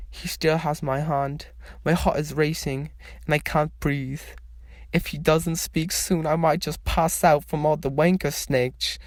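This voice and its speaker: A man reading fan fiction aloud as a storyteller, in a slow, measured way. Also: a little high, steady tone, dry recording, studio quality.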